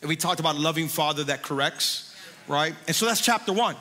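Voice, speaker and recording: Male pastor, high and bright, conversational sermon with sung emphasis; echoey hall. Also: a little fast.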